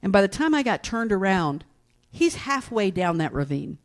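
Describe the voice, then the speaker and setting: A woman's voice: mid-range voice, very animated, moderate pace. A middle-aged woman pastor from East Tennessee giving a folksy, storytelling sermon and often asking her congregation "right?".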